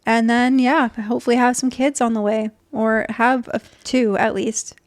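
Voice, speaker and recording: Higher-voiced woman, dry sound. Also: level tone, normal speed, no room sound. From Canada. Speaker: podcast guest. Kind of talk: casual chat.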